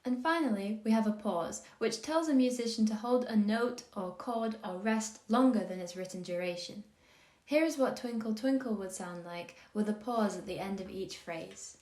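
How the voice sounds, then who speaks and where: A woman giving a scripted music theory lesson, explaining in a calm, measured, clearly paced way. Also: mid-range voice. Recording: roomy echo on the voice.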